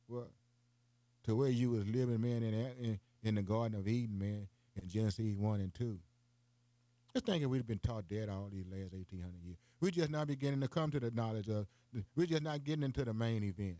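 An older man preaching a broadcast sermon in a folksy way, often calling his listeners "boy" and climbing into high, emphatic runs. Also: fairly quick, dark tone, no echo.

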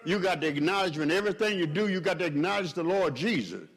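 A man's voice: animated, fast. Impassioned preacher man, rising and falling. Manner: preaching with swells in pitch and volume, calls to the congregation. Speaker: pastor. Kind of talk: sermon.

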